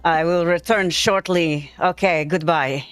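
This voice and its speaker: A cheery little ogre speaks in a lowered voice, as a woman puts it on, with slow, broken, simple phrases. The sound is close and dry, as in a tabletop game stream. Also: smooth, no room sound, lightly acted. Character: small disguised ogre, broken speech, cheery.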